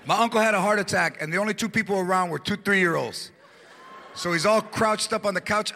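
A man performing stand-up comedy, telling a story in an animated way and acting out its people. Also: high voice, brisk, gravelly, slight background noise. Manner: animated storytelling, acts out characters. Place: theater stage with audience. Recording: live show, loud crowd.

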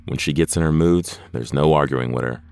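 A man doing a rumbling, menacing aide. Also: brisk, no echo. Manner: cool, quietly threatening. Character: intimidating swaggering male nursing aide.

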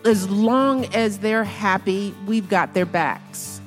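A woman's voice: medium pitch, slow pace, soft background music. Reflective woman in her fifties, hall echo. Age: 50s. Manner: earnest, reflective, mimics other people's questions. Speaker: interview guest, author. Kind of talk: conversational interview on stage. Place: stage before a live audience.

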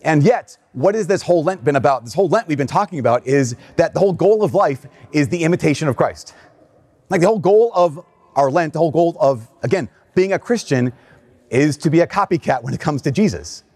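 A man's voice: on the high side, lively intonation, a little mellow, slightly rough. Man preaching a homily. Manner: reads scripture slowly, then talks casually with fillers and laughs. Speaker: priest. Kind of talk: gospel reading and homily. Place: church.

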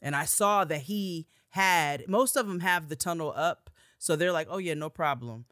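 A woman telling a story in casual chat, animated and profane, acting out heated quotes. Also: lowish voice, unhurried, dry recording, studio quality. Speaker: podcast host telling a story.

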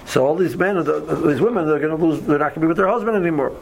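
A man's voice: fairly high pitch, racing, a little hiss or hum, rough recording. A man leading a casual Torah study class, often stumbling over and repeating words, reading Hebrew verses aloud and then explaining them.

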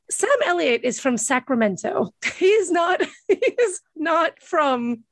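A woman's voice: high voice, sing-song, takes it slowly, dry recording. A young woman co-hosting a podcast, teasing and ranting with lots of laughter in casual chat. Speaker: podcast co-host.

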